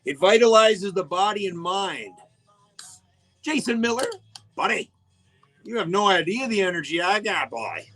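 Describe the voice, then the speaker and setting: Chatty radio host, high voice. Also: male voice, lively intonation, normal speed, hardly any pauses, bright, forceful tone. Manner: chatty, jokey, greets listeners by name. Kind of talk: casual live radio chat. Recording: faint music behind the voice.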